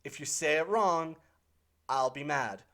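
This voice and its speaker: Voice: medium pitch, unhurried, a bit bright. Rambling, opinionated channel host. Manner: rambling and opinionated, with frequent fillers and self-corrections. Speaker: channel host answering viewer questions. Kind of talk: casual unscripted Q&A monologue.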